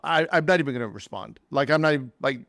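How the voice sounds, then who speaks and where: Blunt podcast host, dry sound. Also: male voice, medium pitch, fast talker, a bit bright, dry recording. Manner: blunt, emphatic opinions. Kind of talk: casual conversation.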